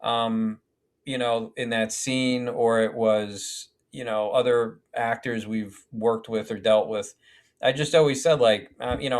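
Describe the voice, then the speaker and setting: A man's voice: mid-range voice, fairly even intonation, unhurried. A man, a filmmaker guest on a podcast, telling stories animatedly, acting out quotes and swearing casually. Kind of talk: podcast storytelling.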